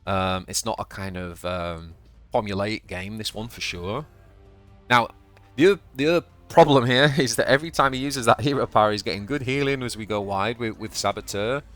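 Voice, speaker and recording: Playing his card game, this Yorkshire-accented host keeps up a chatty running commentary, thinking out loud and frequently tripping over and repeating words. He speaks at a moderate pace in a lowish, fairly bright voice over soft background music.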